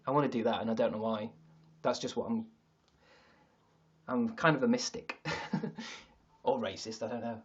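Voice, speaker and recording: A man's voice: medium pitch, normal speed, long pauses, breathy edge, dull audio. A man hosting a comedic livestream, rambling, joking and swearing freely. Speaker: livestream host. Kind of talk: casual comedic livestream chat.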